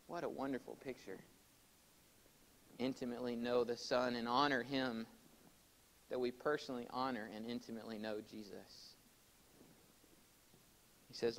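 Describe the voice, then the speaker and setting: A man preaching a sermon to his congregation in a church, swinging between loud, emphatic exhortation and quiet explanation, and calling for amens. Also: medium pitch, a little hiss or hum, rough recording. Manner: addresses congregation directly, calls for amens. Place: church sanctuary.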